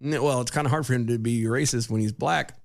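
A man's voice: medium pitch, creaky. Casual man reading the news aloud. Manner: halting, restarts often, laughs between lines. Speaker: podcast co-host.

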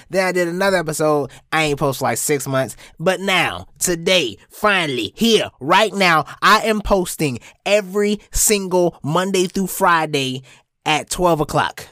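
A young man hosting his own podcast, telling a story in a casual, profane way and jumping into high-pitched bits. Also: bright, forceful tone, no echo, clean studio sound. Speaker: podcast host.

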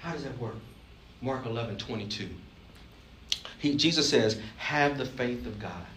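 A man's voice: medium pitch, moderate pace, a bit bright, slight background noise. A man from Alabama, preaching a sermon as pastor, emphatic and joking, asking the congregation questions. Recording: roomy, distant mic, faint ambience.

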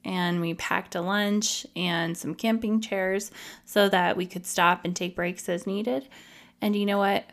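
A woman's voice: medium pitch, fairly even intonation, measured pace. A woman hosting a podcast, telling her own story in a candid, emotional, confessional way. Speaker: podcast host.

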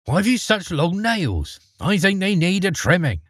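Guy voicing a cheeky fearless boy, higher and lively, slightly husky. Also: moderate pace, no room sound, clean studio sound, exaggerated voice. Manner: plucky, matter-of-fact, cheeky. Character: bold fearless young farm boy, cheeky.

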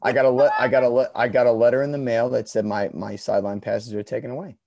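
A young man telling a story in a loose, profane way, mumbling at times and then breaking into shouts. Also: mid-range voice, steady tone, fast talker, creaky, a crowd in the background. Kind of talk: casual storytelling.

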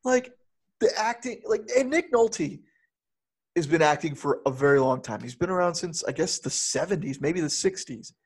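A man co-hosting a casual movie review chat, animated and often laughing as he talks. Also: fairly high pitch, normal speed, breathy edge. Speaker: podcast co-host.

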